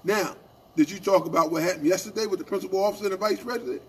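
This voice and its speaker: A man co-hosting a union radio show, telling animated stories in casual talk and asking "right?" after his points. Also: high voice, very fast, husky. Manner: animated storytelling, acting out quoted exchanges, repeated "right?".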